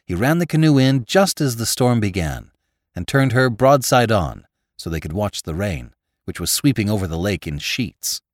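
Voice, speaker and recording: A man with a low voice narrates a classic story, measured yet lively in his inflection. His reading is recorded close and dry, with no room sound. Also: dry recording. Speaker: podcast narrator. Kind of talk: audiobook narration of classic fiction.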